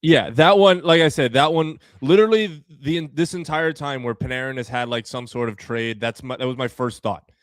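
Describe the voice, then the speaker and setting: A man's voice: mid-range voice, moderate pace, hardly any pauses, no echo. A man hosting a sports podcast, talking casually and with energy as he lays out his ideas, using many fillers. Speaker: podcast host.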